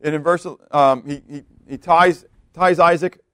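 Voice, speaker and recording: A man with a Southern US accent preaching a sermon, animated and folksy, acting out the voices of biblical figures as he tells the story. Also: a little high, measured pace, dry recording. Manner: folksy asides to the congregation. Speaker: pastor.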